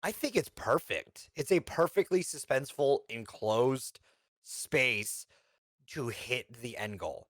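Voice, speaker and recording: A young man co-hosting a podcast over a voice call, chatting in an animated, playful way with lots of restarts. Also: mid-range voice, slow, no echo, studio quality. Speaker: podcast co-host. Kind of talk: casual chat. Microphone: remote call over voice chat.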